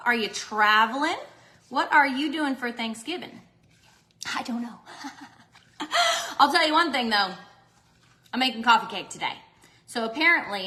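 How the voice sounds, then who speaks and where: Bubbly high-voiced woman. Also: sharp tone, echoey room. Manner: bubbly, chatty, talks to viewers. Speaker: cooking vlogger. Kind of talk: chatty cooking live stream. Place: home kitchen.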